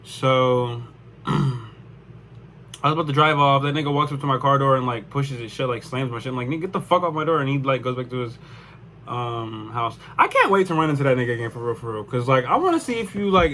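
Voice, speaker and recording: A man's voice: mid-range voice, animated, brisk, a bit bright, a little hiss or hum. A young man telling a personal story in a casual, rambling way, full of swearing and "like". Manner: rambling, profane, lots of "like". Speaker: vlogger.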